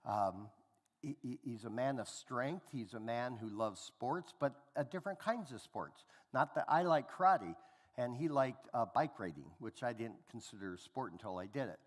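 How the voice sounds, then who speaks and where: A pastor's mid-range voice, at a moderate pace, echoes with big-room sound in a church hall. Preaching, he spins family stories and animatedly performs the dialogue of the people involved.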